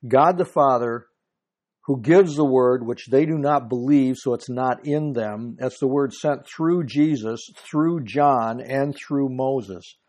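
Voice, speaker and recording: A man's voice: mid-range voice, slow, a little mellow. A man giving a verse-by-verse Bible teaching, earnestly explaining passages and reading scripture aloud.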